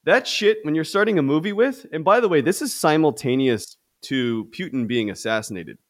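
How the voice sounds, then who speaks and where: A man's voice: a little high, fairly quick. Young adult man, casual podcast co-host, loose rambling delivery with frequent restarts. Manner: rambling, animated, many restarts. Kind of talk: casual film discussion.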